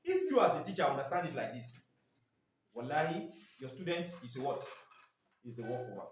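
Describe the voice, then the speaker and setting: A man's voice: mid-range voice, very animated, a little fast, slight background noise. Man teaching in an echoey room. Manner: quizzing, asks "what?" and waits for answers. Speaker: teacher trainer. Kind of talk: phonics training lesson. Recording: echoey room, mic far off.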